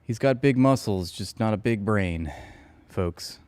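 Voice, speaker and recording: A man's voice: lowish voice, unhurried, darkish tone, clean tone, no room sound. A man giving mocking, sarcastic commentary over news clips. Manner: sarcastic, teasing.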